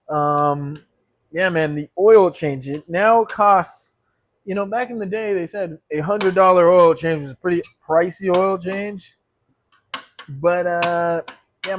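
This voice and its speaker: High-voiced man rambling comically. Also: a little hiss or hum. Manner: joking, self-mocking, wanders off topic. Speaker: host of a home cooking show. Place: home apartment kitchen.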